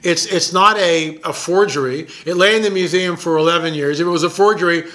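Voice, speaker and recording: A man with a fairly high, bright and forceful voice tells a story straight to the listener. He talks in a loose, excited way, pressing hard on his points and stumbling over repeated words as his thoughts race ahead. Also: a little fast. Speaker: documentary filmmaker. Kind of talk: casual storytelling monologue.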